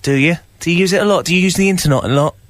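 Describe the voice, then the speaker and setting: English breakfast radio guy, jokey and bright, pitch a bit high. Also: racing, no room sound. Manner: playful, animated, slips into silly voices. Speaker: radio breakfast show host. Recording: studio radio mic.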